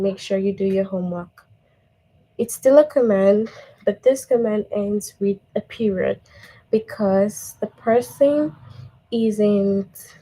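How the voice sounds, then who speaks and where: A woman's voice: mid-range voice, dark tone, poor audio. A woman teacher giving a patient grammar lesson to young children, checking in with "okay?" and reading example sentences aloud.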